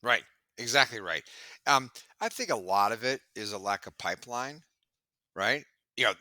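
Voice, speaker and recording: A man being interviewed about sales, talking in a lively way and acting out bits of dialogue, sometimes stammering as he restarts. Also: medium pitch, moderate pace, no echo, clean studio sound. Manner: animated storyteller, acts out dialogue. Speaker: sales expert guest. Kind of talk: podcast interview.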